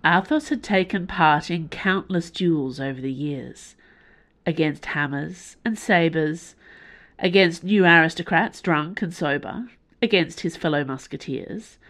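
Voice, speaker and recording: A woman hosting a podcast, reading a fiction serial aloud with expressive, measured delivery, recorded in a small room with a closed door. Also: fairly low pitch. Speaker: podcast host and reader. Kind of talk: audiobook serial narration.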